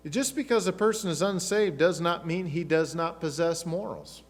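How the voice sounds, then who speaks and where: A middle-aged pastor preaches with emphatic questions and conversational asides. His voice sits high for a man. It rings with the long reverb of a church hall. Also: lively intonation, moderate pace, hardly any pauses. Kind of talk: sermon. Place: church sanctuary.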